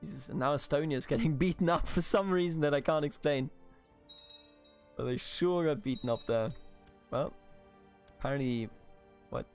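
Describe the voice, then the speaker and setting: A man's voice: on the high side, moderate pace, long pauses, soft background music. A man from Bavaria with a German accent, casually commenting on a strategy game he plays, swearing, laughing and talking to the game's characters. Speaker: let's play host.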